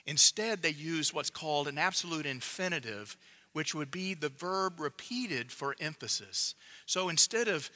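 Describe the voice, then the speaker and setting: Slow, bright-voiced male preacher. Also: a little high, expressive. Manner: measured, emphatic, with quiet drops for emphasis. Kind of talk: sermon.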